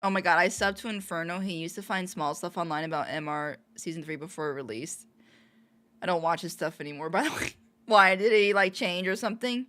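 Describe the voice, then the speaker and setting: A woman livestreamer reacts to videos while chatting casually, giggly and animated, laughing often. Her voice is lowish and fairly quick.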